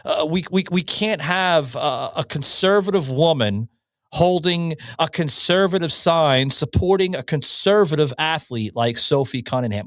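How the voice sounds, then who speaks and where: A man's voice: a little high, lively intonation, a little slow, no room sound, clean studio sound. Fired-up, cursing male podcast host. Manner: profane, fired-up and repetitive; hammers on short slogans. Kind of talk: opinion podcast rant.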